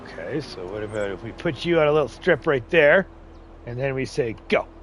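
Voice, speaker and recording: A man's voice: mid-range voice, lively intonation, a little fast, a bit bright, a little hiss or hum. A man hosting a live farming-game stream, chatting casually with viewers and joking with his in-game workers. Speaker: livestream host. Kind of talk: casual live gameplay chat.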